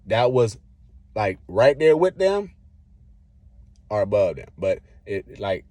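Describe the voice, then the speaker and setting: A man with a deep, low voice tells a personal story to camera in a loose, rambling way. He keeps slipping into what he said back then, in relaxed slang. The sound is dry and close, with no room echo. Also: slow. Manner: rambling, acts out his own past lines. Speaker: vlogger.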